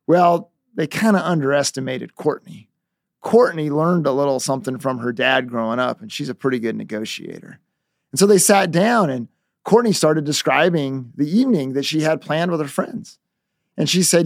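Gravelly man telling a story. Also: fairly high pitch, expressive, normal speed, dry recording, studio quality. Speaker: negotiation coach. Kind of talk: storytelling lesson.

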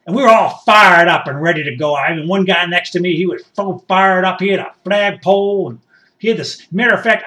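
A man playing an excitable, folksy rural rioter who rambles and boasts as a guest in a satirical mock interview. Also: sits high, far from the mic.

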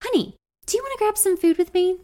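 A woman voicing a fiancé who speaks gently and coaxingly to his bride. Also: extremely high pitch, expressive, quick pace, voice pushed up. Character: doting fiancé, a man.

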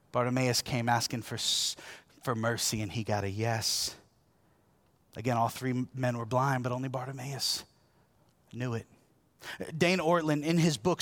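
A man preaching a sermon in a lively, conversational way, asking his congregation questions and swinging between loud, emphatic peaks and quiet, low lines. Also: no room sound. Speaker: pastor.

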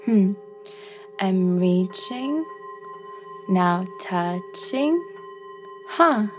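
A woman's voice: medium pitch, animated, very slow. A woman voicing a playful, stubborn young female antelope in a musical bedtime story, bubbly and coaxing with whoops and giggles. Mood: delighted. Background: soft music with chimes.

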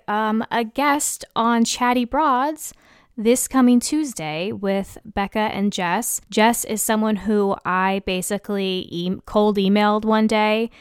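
A woman's voice: mid-range voice, clean tone, dry recording, studio quality. A young adult woman hosting a solo podcast in a candid, self-deprecating style, acting out the dialogue she quotes. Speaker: podcast host. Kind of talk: casual solo podcast monologue.

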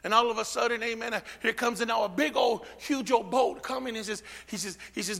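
Man, pastor, sermon, high pitched, gravelly, amen call-and-response, long church reverb. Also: steady tone, a little fast, hardly any pauses. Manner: swings from shouting to near whisper. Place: church sanctuary.

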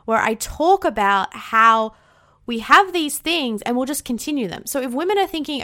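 A woman's voice: high-pitched, lively intonation, normal speed, sharp tone. An Australian woman hosting a casual solo podcast, bubbly and outspoken, swearing freely, with rising inflections at the ends of her sentences. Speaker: podcast host.

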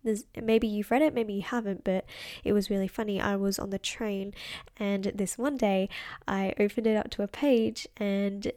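Mellow-voiced young woman podcaster. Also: steady tone, no echo, clean studio sound. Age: young adult. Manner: chatty and self-deprecating, with a deliberately lowered voice. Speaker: podcast host and wellness coach. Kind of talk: casual solo podcast monologue.

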